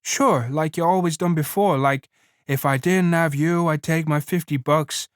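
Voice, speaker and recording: A man's voice: on the high side, fairly even intonation, unhurried, clear, resonant tone, no room sound, studio quality, lightly acted. Man doing a frightened childlike farmhand. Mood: eager. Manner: pleading, childlike rural drawl. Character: simple-minded giant farmhand, childlike and fearful.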